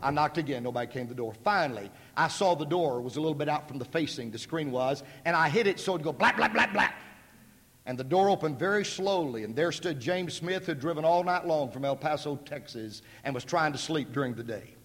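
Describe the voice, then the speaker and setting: A man's voice: on the high side, brisk, hardly any pauses. A male pastor preaching a sermon, telling a personal story in a folksy, emphatic way at a school gathering. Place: large hall at a school. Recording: echoey hall.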